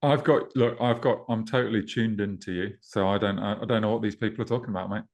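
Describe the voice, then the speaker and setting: A man's voice: fairly low pitch, fairly even intonation, fast. A man co-hosting a casual podcast, chatting and teasing his co-host in a dry way.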